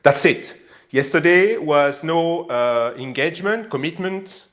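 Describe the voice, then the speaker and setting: A man with a French accent calling into a live audio chat, speaking emotionally and haltingly with many pauses. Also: fairly high pitch, fairly bright tone. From France. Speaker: caller. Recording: online voice chat.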